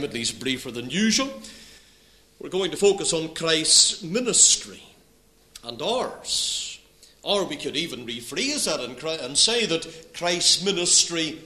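Guy preaching a sermon, bright voice, swoops up and down, reads old scripture out. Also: fairly high pitch, slow pace. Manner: expressive, rising and falling preaching delivery; reads scripture aloud in old biblical wording.

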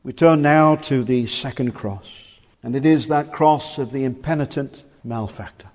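A man in his forties preaching a fervent sermon in a church, swinging from emphatic declarations to hushed, grave warnings. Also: mid-range voice, moderate pace. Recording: reverberant church hall.

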